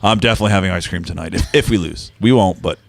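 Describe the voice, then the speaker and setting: A man's voice: deep voice, very fast, gravelly, heavy background noise. A man co-hosting a live hockey watch-along in a studio, chatty and jokey as he reads out stats. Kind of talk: casual live chat. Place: team studio.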